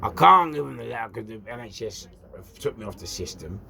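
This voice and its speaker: A man's voice: medium pitch, a little fast, gravelly, a crowd in the background. A man with a London accent, hosting his own show and telling a story in a ranting, repetitive way full of rhetorical questions. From England. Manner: animated and repetitive, with rhetorical questions and shouted outbursts. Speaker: host. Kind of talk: casual storytelling monologue.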